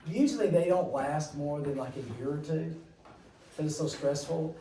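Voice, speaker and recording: A man's voice: on the high side, moderate pace, dark tone, reverberant, far from the mic, slight background noise, rough recording. A man teaching a class, chatty and rambling, with jokey asides to his students. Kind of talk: classroom lecture.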